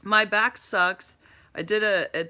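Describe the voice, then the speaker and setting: A drowsy woman with a bright voice chats loosely on a live stream from her bed. She rambles, trips over words and greets viewers as she reads their comments. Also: medium pitch, fairly even intonation, measured pace. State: drowsy and dopey from medication. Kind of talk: casual live-stream chat, reading comments. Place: in bed at home.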